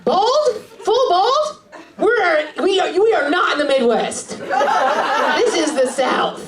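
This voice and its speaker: A woman's voice: sits high, expressive, recorded from a distance. Brash woman comic on a club stage. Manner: brash, crude, quick asides to the audience. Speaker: stand-up comedian. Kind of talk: stand-up crowd work. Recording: roomy club sound, crowd laughter.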